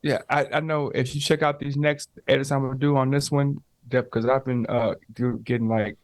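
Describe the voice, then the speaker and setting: A man's voice: mid-range voice, level tone, fairly quick, dry recording. A man hosts a podcast in easygoing banter with a mid-range voice. He laughs easily and plays at being offended, with a dry, close sound. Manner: laid-back, laughing, mock-offended. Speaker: podcast host. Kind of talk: casual banter. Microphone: remote call.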